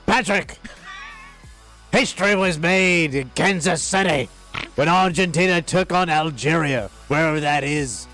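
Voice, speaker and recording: A man doing a self-assured foreign soccer expert with a muddled, hard-to-place accent. He delivers nonsense with deadpan confidence, pitched a bit high, over a faint music bed. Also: unhurried. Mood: mock-earnest. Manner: jokey, deadpan bluster. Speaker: radio co-host.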